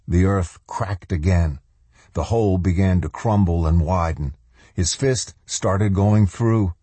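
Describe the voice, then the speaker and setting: A man narrates a novel in a measured, deliberate way. His voice is very low, dark and husky. The sound is dry and close, with no room in it. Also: dry recording. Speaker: audiobook narrator. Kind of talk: scripted narration.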